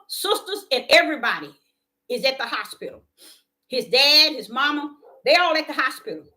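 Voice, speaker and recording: A woman preaching with passion and telling personal stories, repeating her phrases for emphasis and swinging between loud declarations and hushed moments. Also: sits high. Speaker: self-described prophetic preacher. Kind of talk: impassioned preaching and personal testimony.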